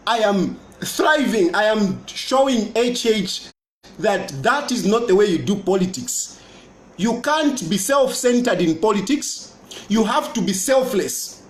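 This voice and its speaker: A man's voice: high voice, big pitch swings, unhurried. A politician with a Zambian accent talking to camera, boastful and mocking, repeating his points. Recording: roomy echo.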